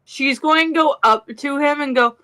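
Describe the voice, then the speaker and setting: A woman's voice: sits high, normal speed, bright, forceful tone. A woman playing in a tabletop role-playing game, playfully describing what her character does. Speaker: player. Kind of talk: casual tabletop play.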